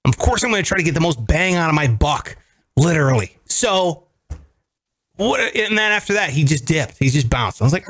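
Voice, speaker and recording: A man hosting a casual podcast chat, telling stories with lively acted-out quotes. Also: fairly high pitch, moderate pace. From greater Cleveland area. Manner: animated storyteller, acts out quotes. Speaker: podcast host.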